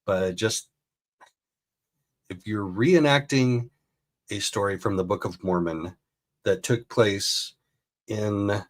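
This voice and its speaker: A man's voice: on the low side, takes it slowly, long pauses. Chatty man reacting to a video. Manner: chatty, incredulous, rambling. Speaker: host. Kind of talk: casual commentary reacting to a video.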